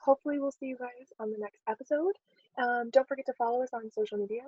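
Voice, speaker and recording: A woman co-hosting a podcast, chatting casually and telling stories in an animated way, with lots of "like"s. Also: on the high side, fast, husky, dry recording, highs cut off. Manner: chatty, animated storyteller with many "like"s. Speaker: podcast co-host. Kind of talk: casual chat.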